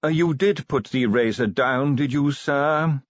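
A man voicing a prim, smooth-spoken middle-aged butler with a formal, deferential manner in an audiobook. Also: mid-range voice, measured pace, no room sound, highs cut off, voice pushed up, lightly acted.

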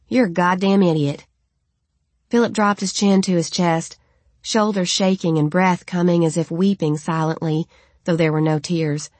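Woman narrating a novel, lowish voice. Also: fairly even intonation, moderate pace, a little mellow, no room sound. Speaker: audiobook narrator. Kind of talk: first-person novel narration.

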